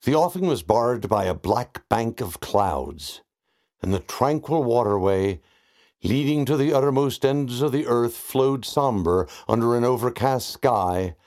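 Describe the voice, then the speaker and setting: A man reading a literary novel aloud in a calm, measured way. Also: mid-range voice. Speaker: audiobook narrator. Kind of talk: literary narration.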